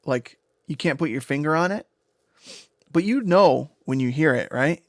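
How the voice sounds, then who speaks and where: Male music producer streaming, higher-pitched, excitable and rambly, profane, dry mic. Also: normal speed, no echo. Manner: rambling, excitable, profane, tags "right?" and "you know?". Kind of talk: casual livestream explanation.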